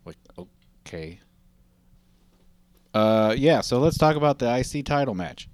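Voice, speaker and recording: A man's voice: medium pitch, expressive, unhurried, darkish tone, clean tone, dry recording. A man hosting a casual chat, telling long rambling stories full of asides and fillers.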